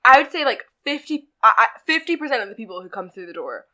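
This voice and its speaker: A woman's voice: on the high side, sing-song, fast talker, bright, forceful tone. A young woman, ranting sarcastically in a casual podcast chat. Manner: ranting, sarcastic, mimics customers. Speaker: podcast co-host.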